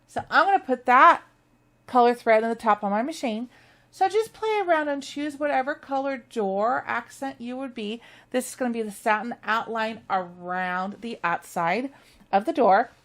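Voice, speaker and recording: A woman's voice: fairly high pitch, moderate pace, fairly bright tone. A woman leading a machine embroidery tutorial, chatty and enthusiastic as she walks viewers through each step. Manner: upbeat, chatty, enthusiastic about stitching. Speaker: sewing instructor.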